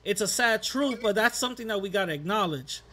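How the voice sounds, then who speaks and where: Bright, high-voiced male host. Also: lively intonation, a little fast. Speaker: podcast host. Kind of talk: casual interview conversation.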